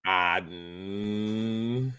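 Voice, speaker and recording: A man co-hosting a casual wrestling podcast, animated and quick to gripe, acting out the quotes he retells. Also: fairly low pitch, clear, resonant tone. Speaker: podcast co-host.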